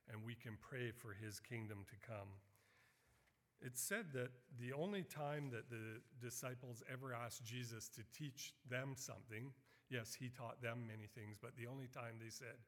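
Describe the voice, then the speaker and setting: A middle-aged man preaches with earnest conviction, his mid-pitched voice swelling when he quotes scripture. His words ring out with a long reverb trailing through the church hall. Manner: earnest, rises to loud animated emphasis on quotes. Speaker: missionary preacher. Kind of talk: sermon.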